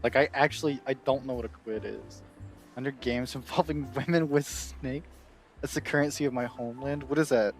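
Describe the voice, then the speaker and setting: A man chatting casually on a stream, excitable and rambling, laughing often. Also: mid-range voice, brisk, faint music behind.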